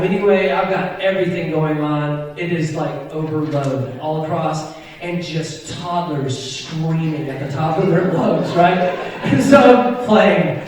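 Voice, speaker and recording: A man in his forties, a Christian musician, telling an animated story to a live audience and often asking "right?" along the way. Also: on the high side, measured pace. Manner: animated, chatty, keeps checking in with "right?". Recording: echoey hall picked up from far off.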